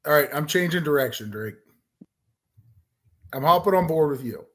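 A man's voice: a little high, lively intonation, moderate pace. A man co-hosting a casual sports betting chat, teasing the others and making his case. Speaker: sports podcast co-host.

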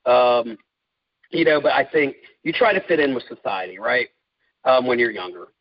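A man speaking in an interview, talking in a halting, heartfelt way with many fillers. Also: mid-range voice, dull audio. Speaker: guest, caregiver. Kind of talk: candid interview talk.

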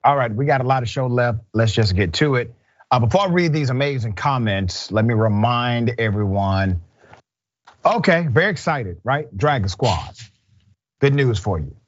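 A male news show host reads stories and adds his own pointed commentary. His voice sits at a middle pitch, and the audio is a little dull. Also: expressive, normal speed. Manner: emphatic, with rhetorical questions.

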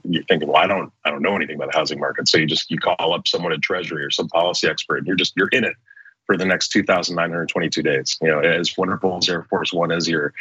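A former speechwriter, a man, tells stories as an interview guest, talking fast and animatedly and often restarting his sentences. His voice is low and husky, and the recording is muffled with no room sound.

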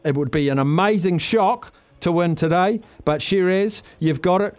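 Excitable high-voiced New radio man. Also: normal speed. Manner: excitable, upbeat, rattles off racing form. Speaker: radio host. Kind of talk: phone-in radio chat.

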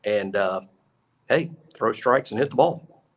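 A man's voice: medium pitch, lively intonation, measured pace, muffled recording. A man co-hosting a sports talk show, analyzing the team in an earnest, emphatic way and repeating his points. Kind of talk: casual sports radio analysis.

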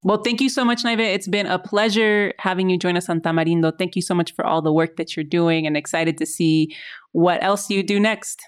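A woman's voice: on the low side, brisk, smooth. A woman hosting a podcast interview, upbeat and chatty, mixing in Spanish words. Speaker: podcast host. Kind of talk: casual interview.

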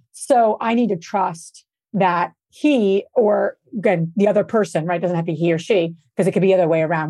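A woman's voice: medium pitch, a little mellow, no room sound. Chatty woman host, dry mic. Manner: chatty, rambling questions with many fillers. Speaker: podcast host. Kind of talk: podcast interview.

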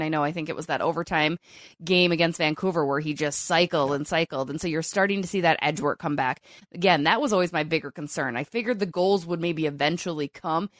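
A woman's voice: lowish voice, no room sound, clean studio sound. A woman co-hosting a sports podcast, chatty and upbeat. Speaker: co-host. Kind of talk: casual sports podcast chat.

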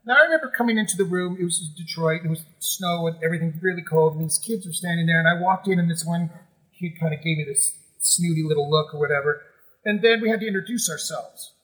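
Middle-aged guy, high bright voice, animated and emotional, keeps restarting. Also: fast talker, low-quality recording. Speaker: guest, musical theater actor. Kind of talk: conversational storytelling.

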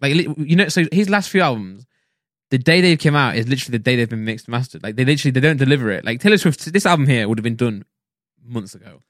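A man's voice: medium pitch, animated, a bit bright, dry recording, studio quality. A man co-hosting a podcast in casual chat, rambling with lots of fillers and restarts. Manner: fast rambling talk with many likes and restarts. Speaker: podcast co-host.

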